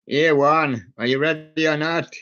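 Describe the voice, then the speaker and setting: A man's voice: a little high, fairly even intonation, a little slow, fairly bright tone. A man hosting a live music stream, joking and punning on song titles as he goes. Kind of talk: playful music chat. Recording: dull lo-fi sound.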